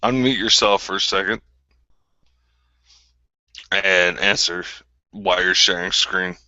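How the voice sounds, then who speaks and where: A man's voice: sits low, takes it slowly, pushed and bright, no echo, dull audio. A man hosting a group call, bluntly and combatively calling someone out in a repetitive rant. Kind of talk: confrontational ranting callout.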